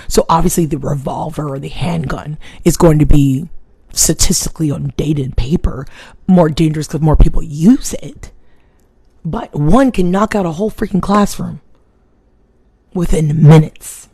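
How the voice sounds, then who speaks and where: A woman's voice: sits low, moderate pace, breathy edge. Chatty Connecticut woman on a phone stream. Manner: animated, opinionated, chatty. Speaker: live stream host. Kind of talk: casual live-stream talk.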